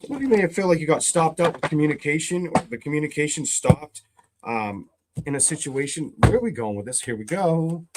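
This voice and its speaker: A fairly high-voiced man giving a tarot reading, blunt and worked up, with swearing all through his talk. A faint hiss sits under his voice. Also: animated, brisk. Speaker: tarot reader. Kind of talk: tarot reading for zodiac signs.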